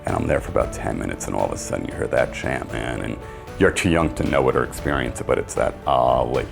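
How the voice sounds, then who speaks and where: A middle-aged man, an interview guest, telling a long story in an animated way and acting out what others said. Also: a bass voice, fast talker, vocal fry, over music. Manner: animated storyteller, acts out quotes. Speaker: interview guest, sports marketing agent.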